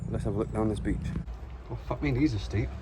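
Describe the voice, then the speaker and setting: A man vlogging casually outdoors at the beach, chatting in a relaxed way and swearing freely as he talks to a handheld phone. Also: lowish voice, fast talker, noisy background. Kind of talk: casual vlog narration.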